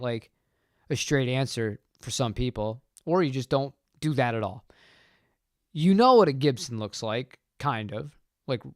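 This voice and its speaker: A man's voice: fairly high pitch, no room sound, studio quality. A man hosting a livestream, reading and answering chat in a casual, rambling, opinionated way. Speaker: channel host answering chat.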